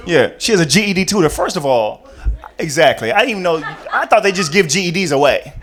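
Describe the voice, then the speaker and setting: A man's voice: fairly high pitch, fast talker, some chatter behind. A young man performing a chatty stand-up comedy routine on a club stage. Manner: animated, chatty, many "you know what I mean".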